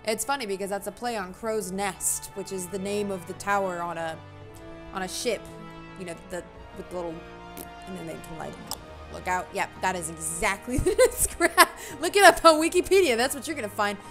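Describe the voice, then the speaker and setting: A woman's voice: mid-range voice, moderate pace, music in the background. A woman hosting a casual let's-play, chatty and self-mocking as she comments on the game. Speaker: gaming channel host.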